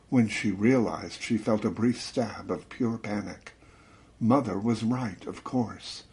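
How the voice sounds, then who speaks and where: A man narrating a suspense story in a measured, dramatic reading that slows and drops to a hush at tense moments. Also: fairly low pitch. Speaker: audiobook narrator.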